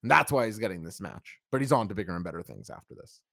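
A man's voice: fairly low pitch, very animated, quick pace, vocal fry, fairly bright tone, no echo. Blunt opinionated man, dry close mic. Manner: blunt, opinionated, reads chat comments aloud. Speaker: wrestling review podcast host. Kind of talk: casual live review chat.

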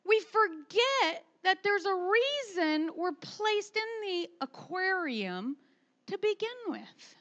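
A middle-aged woman and mother preaching a sermon, emphatic and animated, swinging from soft asides to loud pushes. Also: very high voice, slow pace, muffled recording.

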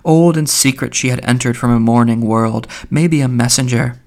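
A man narrating literary fiction for an audiobook. His voice sits at a middling pitch with a gravelly, creaky texture. He reads in a measured way and sometimes stumbles and corrects himself. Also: darkish tone. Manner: measured, with occasional slips. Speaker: audiobook reader.

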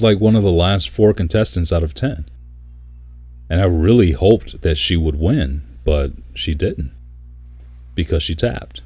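A man's voice: extremely low pitch, a little mellow, no room sound. A man chatting casually, telling a story with lots of swearing and mimicking people. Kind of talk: casual chat.

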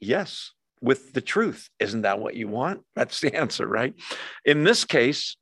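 A man's voice: medium pitch, sing-song, a little slow, fairly bright tone, husky, dry recording. Man teaching Bible study in a dry room. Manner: explains verse by verse, asides and self-corrections. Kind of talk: conversational scripture teaching.

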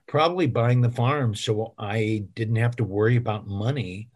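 A man's voice: on the low side, normal speed, darkish tone. A middle-aged man, an actor and voice actor, telling rambling, self-deprecating stories in a casual interview.

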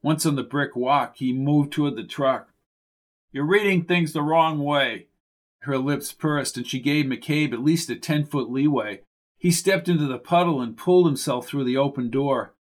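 A man's voice: medium pitch, moderate pace. Man narrating a suspense audiobook. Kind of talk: scripted narration.

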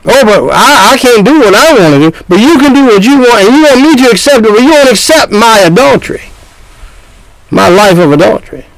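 A man's voice: very high-pitched, animated, a little fast, no echo, poor audio. An older man preaching a sermon, scolding his listeners with repeated points and rhetorical questions.

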